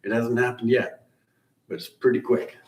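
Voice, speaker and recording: In a mid-range voice with a level tone and normal speed, a middle-aged man hosts a live car-building stream. He chats casually with viewers, rambling through shop-talk explanations and chuckling now and again, over a roomy, distant mic with faint hiss.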